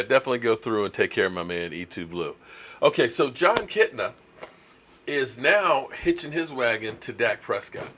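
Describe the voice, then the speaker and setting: A man's voice: medium pitch, a bit bright, slight background noise. A middle-aged man, hosting a casual live stream, chatty and reading viewer comments aloud. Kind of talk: casual live stream chat about football.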